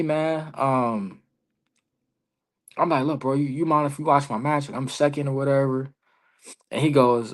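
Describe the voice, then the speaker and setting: A young wrestler guest on a remote podcast call runs through his wrestling stories in loose, animated street slang, dropping plenty of "bro" and "you feel me." His voice is an ordinary middle pitch for a man, and he acts out the lines he quotes.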